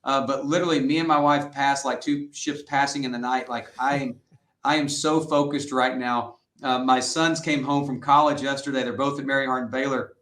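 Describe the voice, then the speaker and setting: Middle-aged coach in an echoey room. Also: male voice, mid-range voice, fairly quick. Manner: earnest, animated storyteller who acts out quotes. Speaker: high school football head coach. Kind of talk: interview guest storytelling. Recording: roomy echoey sound.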